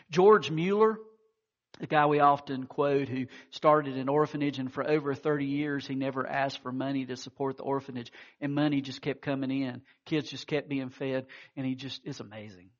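A man's voice: medium pitch, muffled recording. A man preaching a sermon, telling stories with acted-out quotes and frequent restarts. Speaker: pastor.

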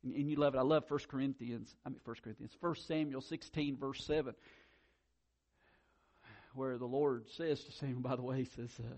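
A pastor preaching a sermon, animated, swinging from loud emphasis to quiet asides and doubling his words when excited. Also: mid-range voice, normal speed.

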